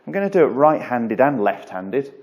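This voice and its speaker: A man who is a golf coach, explaining and demonstrating a drill in a relaxed, chatty way with frequent fillers, in an indoor golf studio. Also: medium pitch, normal speed. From England. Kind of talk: instructional video lesson.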